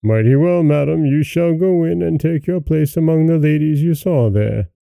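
Cold menacing villain husband from an old fairy tale, man doing it, gravelly and dark. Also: a little high, moderate pace, no room sound, studio quality, voice pushed up. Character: cruel murderous nobleman, cold and menacing.

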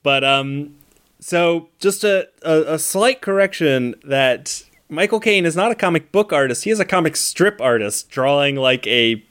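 A man's voice: on the high side, expressive, a little slow, fairly bright tone, clean tone. A man co-hosting a movie podcast, talking in a rambling, enthusiastic way full of fillers. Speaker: podcast co-host. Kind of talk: casual movie podcast chat.

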